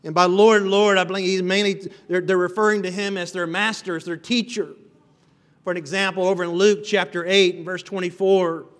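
A man's voice: high voice, level tone, fairly quick, fairly bright tone. A man preaching an expository sermon as pastor, earnest and building emphasis on repeated phrases. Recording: long reverb of a hall.

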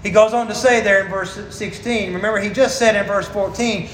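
A man preaching a sermon as a pastor, earnest and emphatic, slowing down to stress key phrases. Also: high-pitched, fairly even intonation, a bit bright, echoey room, slight background noise, low-quality recording.

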